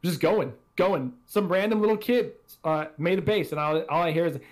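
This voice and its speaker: A man's voice: a little high, normal speed. Rambling, profane male podcast host. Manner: rambling, profane, self-deprecating. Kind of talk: casual gaming podcast chat.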